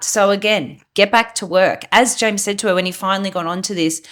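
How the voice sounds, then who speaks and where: A woman's voice: mid-range voice, brisk, fairly bright tone. A woman, co-hosting a business podcast, blunt and practical, swearing in passing. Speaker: podcast co-host, business owner. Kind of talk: casual podcast chat.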